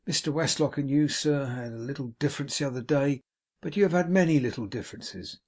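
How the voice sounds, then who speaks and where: Man playing a nervous young assistant, earnest, apologetic, husky, audiobook. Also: mid-range voice, animated, normal speed. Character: meek awkward young male assistant, nervous.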